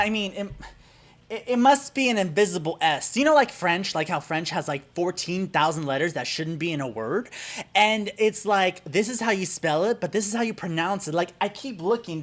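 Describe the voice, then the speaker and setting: With a high voice, a man from Germany who makes YouTube videos teaches a laid-back vlog lesson in an animated, talkative style that turns into a frustrated rant about things that annoy him.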